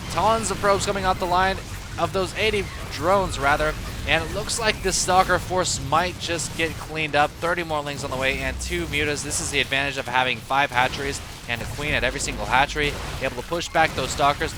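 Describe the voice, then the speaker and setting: A man giving casual, opinionated commentary on a strategy game he is playing, thinking out loud as he goes. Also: fairly high pitch. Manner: analytical, opinionated, loose and chatty. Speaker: player commentating his own match. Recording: steady background noise.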